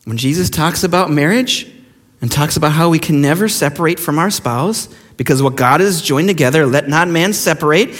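A man's voice: fairly high pitch, moderate pace, fairly bright tone. A middle-aged man preaching a sermon as pastor, emphatic and mocking as he acts out quoted voices. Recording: long hall reverb.

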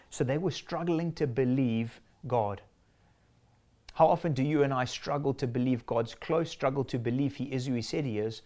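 A man's voice: medium pitch, a little mellow. A man preaching a sermon in an earnest, emphatic way, stacking short declarations.

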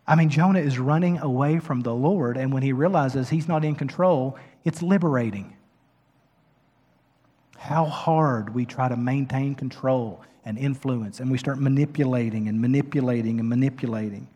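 A man preaching a sermon as pastor, moving from quiet reflection to loud, emphatic peaks. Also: mid-range voice. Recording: long hall reverb.

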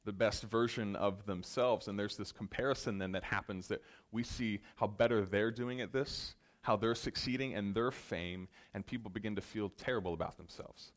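A man preaching a sermon in an earnest manner, addressing the congregation directly, swelling to loud emphatic peaks and dropping to soft, slow lines. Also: lowish voice. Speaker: pastor.

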